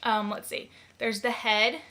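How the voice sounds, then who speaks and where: A woman's voice: a little high, fairly even intonation, measured pace, sharp tone. A young woman chatting casually in a vlog, giggling often and filling her talk with ums and likes. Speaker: vlogger.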